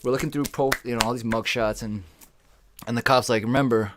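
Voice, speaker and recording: A man in a casual podcast chat, spinning a story with lots of energy and putting on the voices of the people in it. His voice sits at an ordinary middle pitch. The sound is dry and close, with no room around it. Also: a little fast, no room sound. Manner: animated, acts out quoted voices, swears. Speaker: podcast co-host.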